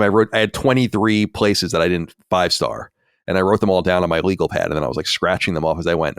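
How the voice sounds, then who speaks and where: A man in his forties with a low, smooth, resonant voice hosts a casual podcast. He rambles candidly, with plenty of fillers and asides. The sound is close and dry. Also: dry recording. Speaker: podcast host.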